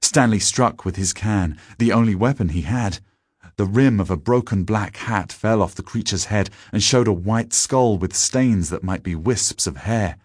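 A man reading a story aloud in a measured, deliberate audiobook narration. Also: on the low side, a little mellow, breathy edge, no room sound, studio quality.

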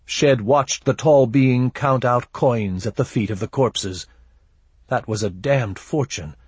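Brief: male narrator with a husky, slow, measured read, dry close-mic sound. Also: medium pitch, no room sound. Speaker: audiobook narrator. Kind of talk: scripted narration.

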